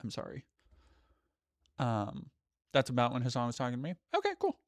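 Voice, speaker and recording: A man's voice: medium pitch, steady tone, normal speed, no echo, studio quality. Rambling man chatting on a live stream. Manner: rambling, self-interrupting, swears casually. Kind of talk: casual live-stream chat.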